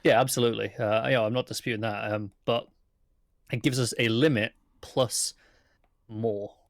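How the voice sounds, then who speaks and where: A man's voice: on the low side, steady tone, moderate pace, no echo, clean studio sound. A man with a British accent chatting casually as co-host of a TV review show, agreeable and thinking aloud. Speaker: podcast co-host.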